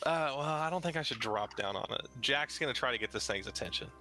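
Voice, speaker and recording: A man playing a tabletop game, describing his character's actions haltingly with many fillers. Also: medium pitch, lively intonation, pushed and bright. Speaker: player. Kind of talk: casual tabletop play.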